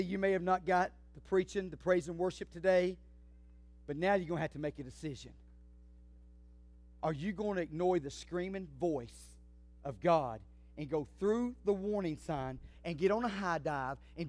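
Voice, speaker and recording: A man's voice: a little high, a little mellow. A man preaching a sermon as pastor, fervent and emphatic, speaking straight to his congregation. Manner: addresses the congregation directly.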